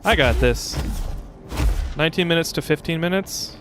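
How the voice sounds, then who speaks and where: A young man streaming a video game, reacting loudly and chatting with his viewers. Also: on the high side, normal speed. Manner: excitable, shouts exclamations, chats to viewers. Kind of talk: casual gameplay streaming with chat. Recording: game music playing behind.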